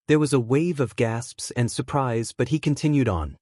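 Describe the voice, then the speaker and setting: A man narrates a fan-written story at a steady, even reading pace. His voice sits at an ordinary male pitch. The recording is dry and close, with no room sound. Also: moderate pace, few pauses, no room sound. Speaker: fanfiction narrator.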